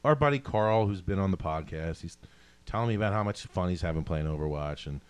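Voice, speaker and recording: A man co-hosting a podcast in a fairly low voice that swings widely up and down as he rants. He talks in casual, animated bursts, swearing freely and poking fun at himself. The sound is close and dry, with no room around it. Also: brisk, clean tone, no echo. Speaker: podcast co-host. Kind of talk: casual chat.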